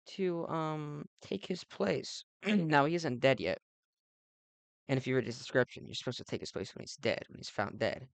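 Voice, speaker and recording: Young guy with a gravelly voice doing a rambly sweary comedy bit over a game, dry close mic. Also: on the high side, no room sound. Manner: meandering, ironic, sweary, lots of fillers. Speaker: let's play host.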